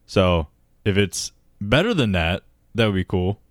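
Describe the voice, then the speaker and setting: A man's voice: sits low, expressive, unhurried, dry recording, studio quality. A man co-hosting a podcast, telling a story in casual chat, swearing and laughing often. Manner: profane, laughs often, says dude. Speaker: podcast co-host.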